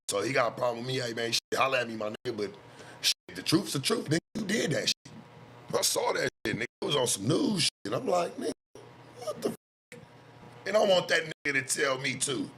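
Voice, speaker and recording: A man with an American West Coast street accent, talking straight at his viewers in a casual livestream rant. His voice is bright and forceful, his talk blunt and full of profanity, circling back to the same point again and again. A faint hum of room sound sits behind him. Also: mid-range voice. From West Coast of the United States. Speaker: streamer and self-styled life coach.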